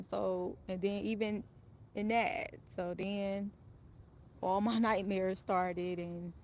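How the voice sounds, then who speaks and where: A woman's voice: medium pitch, slight background noise. A woman casually telling a personal story in a candid, profane, rambling way.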